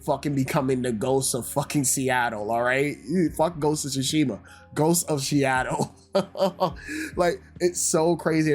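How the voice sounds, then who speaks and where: A man giving a casual, ranting review, swearing heavily and sounding exasperated. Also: a little high. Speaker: YouTube reviewer.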